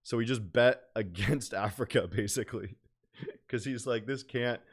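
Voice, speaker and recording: A man's voice: medium pitch, a little slow, husky. A young man streaming about day trading in casual chat, rambling with lots of fillers and slang.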